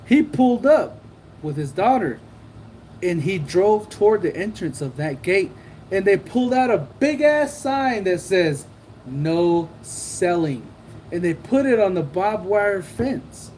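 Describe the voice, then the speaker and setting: A man's voice: sits high, sing-song, unhurried, a little mellow, a little hiss or hum, rough recording. A man telling a personal anecdote in casual slang, swearing a lot and acting out what people said. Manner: profane, streetwise slang, acts out quotes. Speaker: storyteller.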